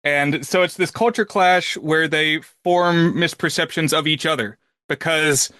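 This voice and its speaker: Smooth bright man making a point, dry. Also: on the high side, dry recording. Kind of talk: casual podcast chat.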